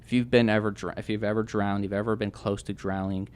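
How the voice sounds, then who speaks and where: A young man telling his personal testimony as a podcast guest, earnest and halting, with many restarts and fillers. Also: lowish voice, level tone, clear, resonant tone.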